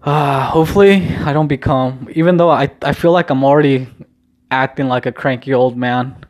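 A man's voice: medium pitch, normal speed. A young man casually telling a rambling, profane story in a laid-back vlog. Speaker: vlogger.

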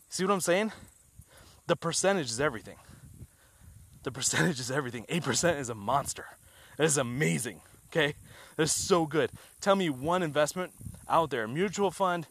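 A fairly high-voiced man gives an eager sales pitch, hammering home each point by repeating it. He keeps asking rhetorical questions and sounds a little out of breath. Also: fairly bright tone, dry recording. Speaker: trading group promoter.

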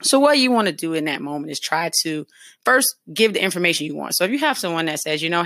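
A woman's voice: low voice, animated, fast, fairly bright tone, dry recording, studio quality. A woman hosting a talk show, chatting casually about dating and acting out sample conversations. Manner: chatty, acts out sample dialogue. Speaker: host giving dating advice.

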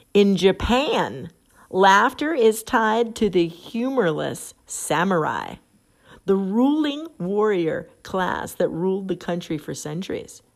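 A woman's voice: medium pitch, vocal fry. A middle-aged woman hosting a podcast, chatting casually and reading an article aloud, often laughing at what she reads. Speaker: podcast host. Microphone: phone app.

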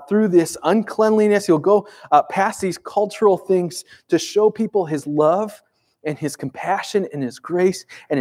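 Pastor, man, slightly high voice, chatty emphatic sermon delivery. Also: a little mellow. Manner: conversational, emphatic, asks rhetorical questions.

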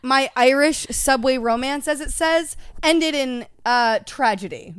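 Brief: sharp-tongued woman co-host, higher voice, teasing banter, dry sound. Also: takes it slowly, smooth, dry recording. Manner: blunt, swears, teasing. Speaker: podcast co-host. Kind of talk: casual chat.

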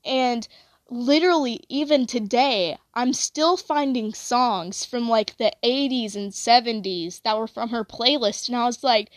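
A woman's voice: a little high, a little slow, no room sound, studio quality. A young woman chatting casually, rambling with lots of "like" and self-corrections.

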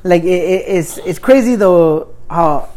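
A man's voice: high-pitched, a little slow, a little mellow. A man who is a father of grown kids, co-hosting a podcast and telling stories in a rambling, swearing way. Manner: rambling, swearing, lots of "you know". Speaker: podcast co-host. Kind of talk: casual crude chat.

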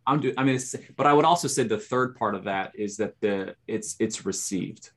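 Earnest low-voiced poet. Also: male voice, a bit bright. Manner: earnest, halting, restarts often. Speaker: poet and podcast co-host. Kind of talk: casual podcast conversation.

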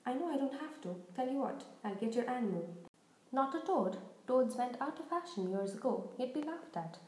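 A woman reading aloud and voicing a big, gruff but kindly groundskeeper with blunt, homely speech. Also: high voice, expressive, moderate pace, a little mellow, reverberant.

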